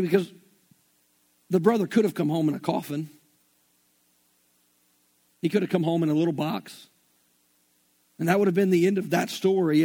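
A man's voice: high voice, dark tone. A man with a Southern US accent preaching an earnest, folksy sermon and retelling scripture in everyday slang. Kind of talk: conversational sermon.

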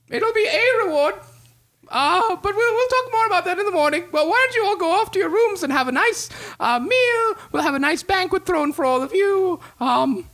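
A man's voice: very high voice, sharp tone, voice pushed up, heavily acted. A man voicing a vain, touchy king who talks pompously and boasts about himself. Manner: pompous, self-admiring, peevish.

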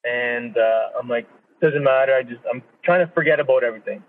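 A man's voice: medium pitch, brisk. A man from Canada, a professional boxer, telling his story in a casual interview, swearing often and acting out his own thoughts. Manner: profane, animated storytelling with quoted inner speech. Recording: tinny phone-line audio with long reverb.

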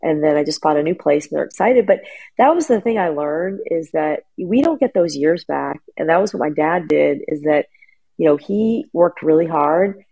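A woman's voice: sits low, lively intonation, moderate pace, vocal fry, warm tone, slightly rough, dull audio. A middle-aged woman chatting casually as a guest, telling a long family story with lots of restarts and fillers. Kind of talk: casual chat.

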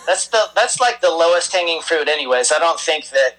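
A man's voice: fairly high pitch, animated, fairly quick, a bit bright, slight background noise, rough recording. A man co-hosting a podcast, joking and laughing in casual chat. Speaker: podcast co-host.

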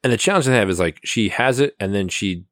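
A man co-hosting a casual movie review podcast, agreeable and quick to chime in with yeses. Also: on the low side, animated, no room sound, studio quality. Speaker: podcast co-host.

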